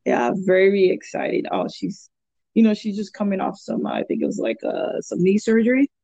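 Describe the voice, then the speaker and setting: A woman's voice: mid-range voice, sing-song, moderate pace, creaky, mellow, no room sound, lo-fi sound. A woman guest in a casual chat, telling rambling stories and laughing often.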